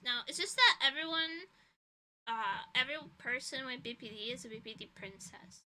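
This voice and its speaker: A woman who is a vtuber streamer and illustrator chats casually from her own room at home, rambling, giggling and swearing while tired and stuffy-nosed. Her voice is high and sharp, with lively intonation and a moderate pace, though the audio is poor.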